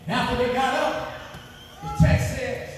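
A male pastor delivers a sermon in a very high voice and calls out to his congregation, building up to shouting. He is heard from far off in a large hall with long reverb and faint background noise. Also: flat delivery, a little slow. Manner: call-and-response preaching that builds to shouting.

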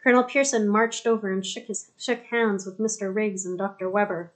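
A woman narrating an audiobook in a steady, even storytelling manner. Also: mid-range voice, brisk. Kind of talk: scripted narration.

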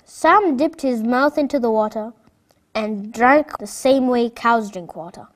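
A woman narrating a children's story in a clear, expressive read-aloud voice. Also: a little high, unhurried.

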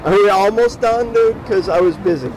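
A man's voice: high-pitched, moderate pace, rough recording. A man sitting on a city sidewalk, answering a harasser with dry, sarcastic remarks. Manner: sarcastic, deadpan. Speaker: filmmaker being harassed. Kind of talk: dry back-and-forth street argument. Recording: street traffic noise behind.

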